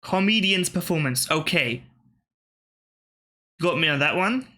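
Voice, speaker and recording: A man hosts a gaming channel, muttering his way through word puzzles in casual let's-play commentary. His voice sits a little high for a man and rings bright and sharp, with offhand swearing and half-finished thoughts. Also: expressive, a little slow.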